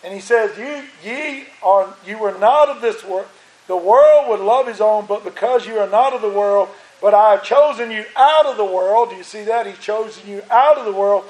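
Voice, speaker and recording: A man's voice: high voice, normal speed, a little mellow. A male pastor preaching a sermon with emphatic, repeated phrases, his voice strained. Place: church sanctuary. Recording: echoey church room.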